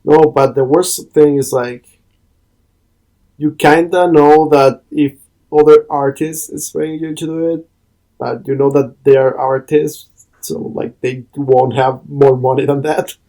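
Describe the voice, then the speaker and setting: A man's voice: on the high side, fairly even intonation, measured pace, dark tone. A man chatting casually on an animation podcast, giggling often.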